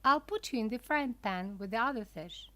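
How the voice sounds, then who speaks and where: A woman playing a gruff, greedy old fisherman. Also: on the high side, expressive, moderate pace, sharp tone, dry recording. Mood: mocking.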